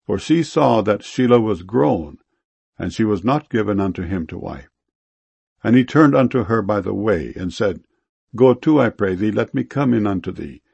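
A man reading scripture aloud in a slow, measured, reverent way. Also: fairly low pitch, expressive, gravelly, darkish tone, slightly rough, no echo. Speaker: scripture reader. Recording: dull, lo-fi sound.

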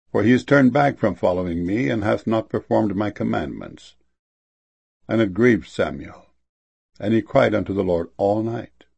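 Low gravelly man reading scripture. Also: a little mellow. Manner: reads quotes with dramatic rises in pitch and volume. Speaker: scripture reader.

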